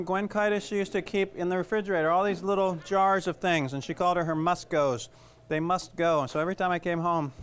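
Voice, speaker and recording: A middle-aged man with a Southern US accent, a chef giving a casual cooking demonstration, chatty and rambling with jokes at his own expense. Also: on the high side. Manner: chatty, rambling, self-joking.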